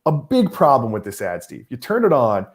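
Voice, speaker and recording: A man's voice: mid-range voice, huge pitch swings, moderate pace. A middle-aged man hosting a casual chat, his voice rising and falling a lot in a mid-height register. He has a wry, teasing way of talking. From Massachusetts. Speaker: host.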